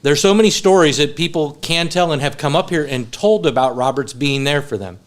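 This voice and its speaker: A man speaks in a slightly high voice at a slightly quick pace. At a funeral home service, he delivers a eulogy for a friend, sharing funny anecdotes before turning sincere, his storytelling moving between humor and heartfelt tribute.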